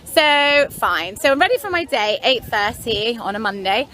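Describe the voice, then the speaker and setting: A young London woman with a high-leaning, animated voice tells a story to her vlog camera at a moderate pace, her tone pushed and bright. She rambles chattily, full of "anyway" and "like," with frank, wry asides.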